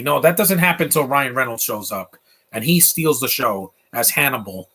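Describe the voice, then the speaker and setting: Rambling opinionated man with a husky tone. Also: mid-range voice, lively intonation, quick pace, pushed and bright. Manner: opinionated, rambling, with fillers and asides. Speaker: film commentator. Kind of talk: casual live movie commentary.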